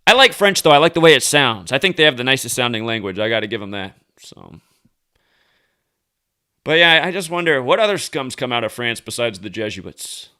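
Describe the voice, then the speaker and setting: A man's voice: medium pitch, very animated, fairly quick, sharp tone. A man hosting a commentary monologue, talking heatedly with profanity and frequent restarts. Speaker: host.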